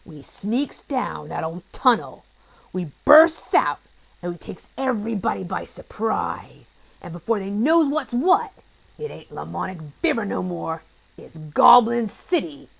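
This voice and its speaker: A man's voice: high-pitched, animated, a little slow, gravelly, bright, forceful tone, heavily acted, poor audio. A woman voicing a nasty, grumpy old man villain from a children's storybook, who talks in a boastful, bossy, ungrammatical way. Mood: gloating.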